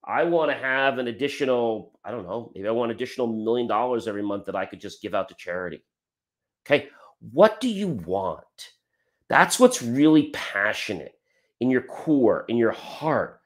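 A man speaking as a motivational speaker on a livestream, urging viewers directly and plainly. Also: mid-range voice.

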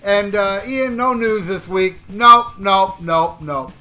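A man hosts a rock podcast with a high, very bright, cutting voice. He talks loudly and teases his guests. Music plays underneath. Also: slow. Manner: loud, teasing and jokey. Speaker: podcast host. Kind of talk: casual podcast banter.

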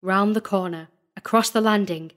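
Woman reading a gothic tale. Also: mid-range voice. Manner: measured, building tension. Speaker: narrator. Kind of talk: dramatic audiobook reading.

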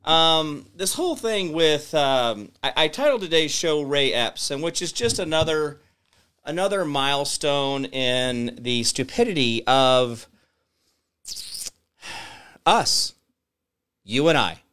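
A man's voice: on the high side, unhurried, a bit bright, clear, resonant tone. A man hosting his own daily show, talking casually and sarcastically, rambling with many fillers. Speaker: host of a daily talk show. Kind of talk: casual commentary monologue.

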